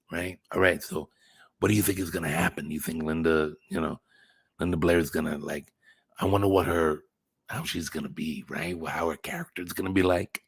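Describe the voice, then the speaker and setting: A man's voice: sits low, gravelly, a bit bright, husky, no echo. A man hosting a casual livestream, chatting with viewers in a rambling way, swearing now and then and thinking aloud. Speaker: channel host reading live chat.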